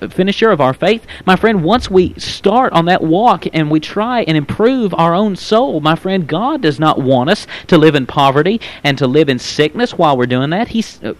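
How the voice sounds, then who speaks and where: A man giving a pre-recorded radio sermon, earnest, often saying "my friend" and quoting scripture in old-fashioned wording. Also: high-pitched. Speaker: radio preacher.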